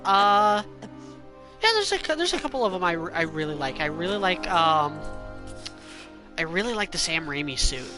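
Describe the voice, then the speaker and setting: A man's voice: high voice, big pitch swings, normal speed, over music. A man streaming a game, chatting casually and reading viewer questions. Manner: chatty, opinionated, filler-heavy. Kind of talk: casual live-stream commentary.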